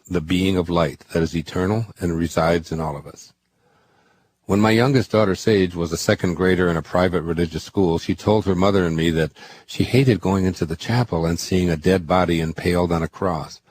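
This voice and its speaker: A man reading his own spiritual book aloud as audiobook narration, in a measured, earnest way that slows down for quoted scripture. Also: sits low, darkish tone, slight background noise.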